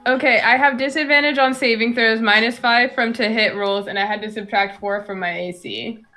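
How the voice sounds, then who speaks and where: A woman's voice: a little high, steady tone, moderate pace, sharp tone. A woman playing in a tabletop game who speaks in an offhand, wry way. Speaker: player.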